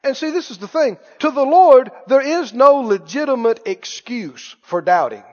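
A man preaching a sermon, emphatic, repeating key phrases, with quick asides and laughs. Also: extremely high pitch, expressive. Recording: muffled reverberant hall recording.

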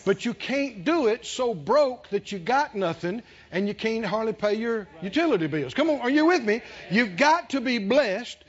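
In a dull, lo-fi sermon recording, a man with an extremely high voice speaks at a moderate pace with hardly any pauses. Animated, he laughs while telling a story and calls out to the congregation.

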